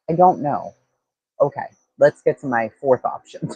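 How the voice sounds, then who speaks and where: A man talks through a case on his livestream in a loose, rambling way, restarting sentences and leaning on fillers. His voice is husky and sits at an ordinary middle pitch, heard dry and close. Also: sing-song, slow, pauses often, a little mellow, no room sound, low-quality recording. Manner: rambling, thinks aloud, frequent fillers and restarts. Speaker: true-crime livestream host. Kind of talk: casual livestream commentary.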